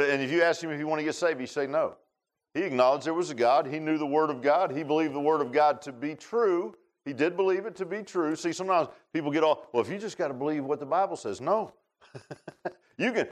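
A man preaching a sermon in a folksy, conversational way. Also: a little high. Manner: folksy, conversational preaching with rural Southern grammar.

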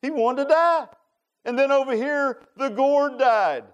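A man preaching a sermon, folksy and animated, swinging from loud emphatic lines to low quiet ones. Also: unhurried, lo-fi sound.

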